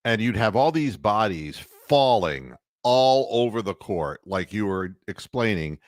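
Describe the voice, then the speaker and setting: A man hosts a casual sports talk show, his pitch leaping around as he mocks what he saw. The sound is dry and close to the mic. He laughs as he talks and slips into jokey voices. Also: measured pace, no echo. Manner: animated, mocking, laughs while talking; puts on announcer and referee voices. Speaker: sports talk radio host.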